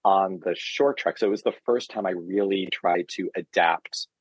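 A chatty, playful man with a slightly low, husky voice, speaking as a guest on a casual podcast. The sound is dry and close. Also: moderate pace, dry recording, rough recording. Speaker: guest author.

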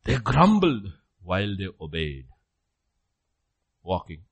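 A man preaching a sermon, jumping from loud exclamations to hushed low asides, acting out questions and answers and checking in with "okay?". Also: very animated, vocal fry, husky. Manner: acts out dialogue with rapid questions and answers; repeats phrases, frequent "okay?" checks.

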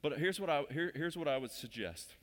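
A pastor giving a conversational sermon in a church. His delivery swells louder and higher whenever he stresses a point. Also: animated, fairly quick. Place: church sanctuary. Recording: long hall reverb.

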